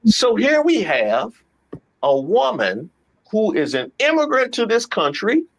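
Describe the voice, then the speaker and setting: A woman's voice: mid-range voice, wildly swooping pitch, unhurried. A woman host, giving emphatic reaction commentary to her viewers and repeating her phrases. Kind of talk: reaction commentary on viral clips.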